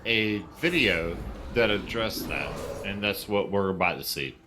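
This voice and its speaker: A man's voice: lowish voice, lively intonation, unhurried, over music. A man speaking as a debate guest on a livestream, hesitant with many fillers. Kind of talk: casual livestream talk.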